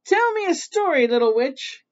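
A woman's voice: normal speed, lo-fi sound. A woman playing a shrieking, contrary witch mother. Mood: demanding. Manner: loud, high and excitable.

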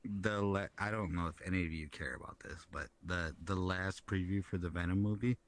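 A man's voice: sits low, fairly even intonation, fairly quick. A man chatting casually in a social VR hangout, rambling and swearing often while he has a drink. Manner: rambling, swears often, talks about comics. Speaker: streamer hanging out in social VR. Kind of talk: casual chat.

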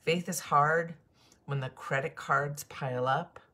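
A woman's voice: sits low, fairly even intonation, unhurried, bright, forceful tone. A woman pastor giving a morning devotion, greeting listeners by name and preaching earnestly with emphatic repetition.

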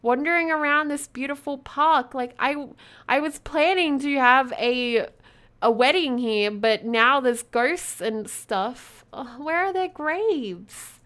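A woman hosting a let's play, giving excitable gameplay commentary full of gasps and exclamations of wonder. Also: high-pitched, takes it slowly.

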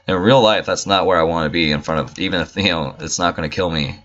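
A man's voice: low voice, fast, hardly any pauses, fairly bright tone, highs cut off. A man giving casual, profane, joking let's play commentary and talking back to game characters. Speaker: gamer.

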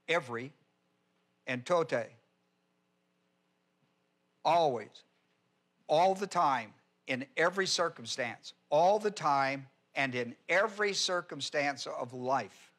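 A male pastor delivers an expository sermon at an unhurried pace. His voice sits a little higher than most men's, and he dwells on single words, repeating them to drive the point home. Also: fairly bright tone. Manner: slow and deliberate, repeats key words for emphasis. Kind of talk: expository Bible teaching sermon.

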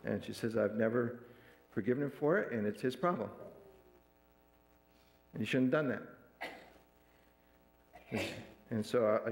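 A man preaching to his church, mid-pitched and ordinary in tone. He tells a story from the pulpit and slips into the voices of the people he quotes. The sound carries the echo of a large room. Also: a little mellow. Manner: retells a counseling story, acting out quoted dialogue. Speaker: pastor. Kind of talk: sermon storytelling. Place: church sanctuary.

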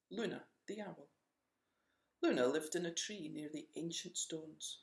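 A storyteller reading a children's picture book aloud in a gentle, expressive way. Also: medium pitch, echoey room.

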